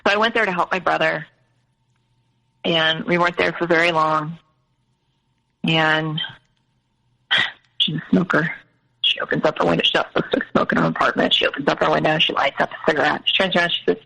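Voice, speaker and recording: A woman's voice: low-pitched, steady tone, brisk, vocal fry, long pauses, sharp tone, rough recording. A woman guest in an interview, candidly retelling a personal story in a conversational way.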